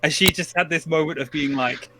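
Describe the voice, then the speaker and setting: A man's voice: fairly high pitch, a little fast, background noise. A tired man chatting casually as a player, laughing and acting out quotes from the game. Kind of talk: casual podcast recap chat.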